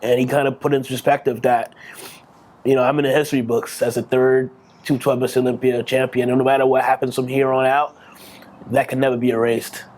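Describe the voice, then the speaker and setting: A man's voice: medium pitch, flat delivery, brisk, darkish tone. A man in his thirties giving a candid, emotional interview as a bodybuilding champion. He swears freely and often restarts his sentences. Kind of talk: candid post-victory interview.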